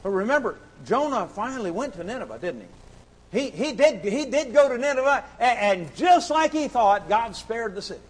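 A man preaching a sermon, impassioned and repetitive, swinging between shouts and hushed pleading. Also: extremely high pitch, sing-song, moderate pace, slightly rough, rough recording. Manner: sings hymn lines briefly.

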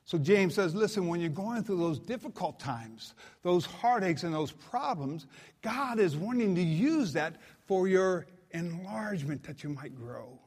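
A man's voice: high voice, expressive, measured pace, darkish tone, breathy edge. Folksy preacher man in a reverberant church. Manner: conversational, folksy storytelling with scripture reading. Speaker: guest preacher. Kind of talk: sermon. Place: church auditorium.

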